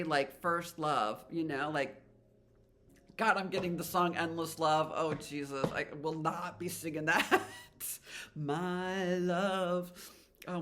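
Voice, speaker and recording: Bright-voiced chatty woman reading tarot. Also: low-pitched. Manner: chatty, rambling, emotional, spiritual. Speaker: tarot reader. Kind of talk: casual tarot reading to viewers.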